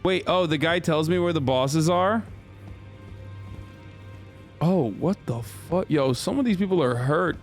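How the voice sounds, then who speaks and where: A man's voice: a little high, a little slow, long pauses. A male streamer giving loose, profane, joking commentary while playing a game live. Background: faint game music.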